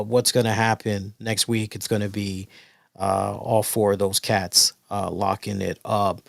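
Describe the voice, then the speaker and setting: A man's voice: mid-range voice, no echo, clean studio sound. A man hosting a casual solo wrestling review, talking loosely with many fillers and restarts. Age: older adult.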